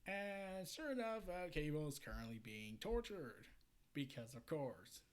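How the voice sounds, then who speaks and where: A man's voice: on the high side, animated, measured pace. Chatty man reviewing comics. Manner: chatty, with stumbles and fillers. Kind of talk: casual comic review and summary.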